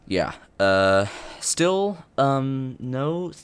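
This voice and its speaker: A man's voice: mid-range voice, big pitch swings, very slow, clear, resonant tone. A young man giving unscripted commentary on a video game update, rambling with many fillers and restarts. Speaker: gaming youtuber.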